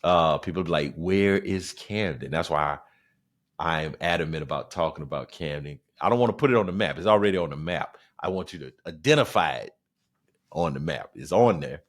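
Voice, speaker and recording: Host: deep-voiced South Carolina man, 40s, animated slangy stand-up delivery. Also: brisk. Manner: animated, slangy, repeats phrases. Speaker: podcast host, stand-up comedian. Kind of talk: casual podcast monologue.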